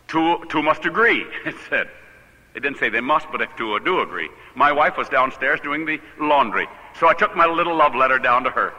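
An older man, a pastor, telling a personal story in a sermon, animated and laughing at his own tale. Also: medium pitch, normal speed, in a large hall, muffled recording.

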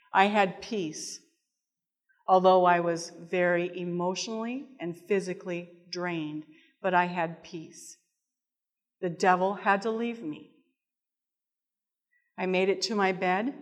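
A woman shares an emotional personal testimony in a sermon, pausing to read passages aloud. She speaks slowly and earnestly, and her voice rings with the long reverb of a large hall. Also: on the low side. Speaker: speaker giving a testimony talk.

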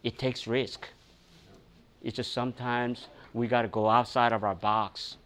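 A man's voice: medium pitch, unhurried. Man preaching a story. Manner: animated storytelling with frequent fillers and laughter. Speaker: pastor. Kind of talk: sermon.

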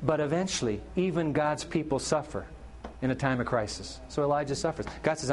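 Animated storytelling man preaching a sermon. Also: a little high, fairly quick, a little hiss or hum. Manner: animated storytelling, acting out characters' lines. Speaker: pastor.

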